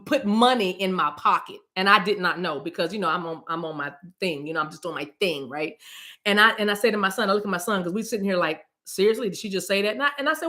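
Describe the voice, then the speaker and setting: A woman's voice: medium pitch, a bit bright. An American woman hosting a spiritual channel, telling a story in a chatty, casual way and speaking straight to her viewers.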